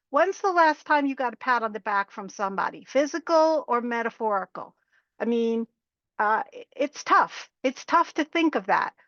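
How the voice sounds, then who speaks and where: A woman's voice: on the high side, a bit bright, no room sound, highs cut off. A woman presenter guiding a group through a laughter yoga exercise, upbeat and encouraging, on a webinar microphone. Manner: upbeat, encouraging, demonstrating chants. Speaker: workshop presenter.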